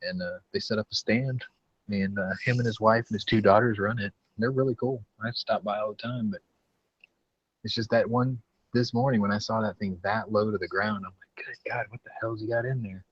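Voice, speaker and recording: A man hosting a casual podcast chat, relaxed, laughing often and swearing freely. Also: lowish voice, normal speed, slightly rough, no echo, muffled recording. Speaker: podcast host.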